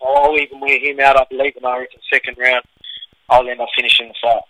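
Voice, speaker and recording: A man's voice: medium pitch, level tone, brisk, bright, forceful tone, no room sound, low-quality recording. A young Australian man, a fighter guest, chatting in a laid-back way and laughing easily during a casual phone interview.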